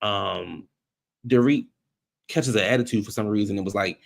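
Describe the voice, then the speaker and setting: A man giving casual, blunt recap commentary on a reality show, animated and slangy. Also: moderate pace, creaky. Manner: animated, acts out quotes in high voices.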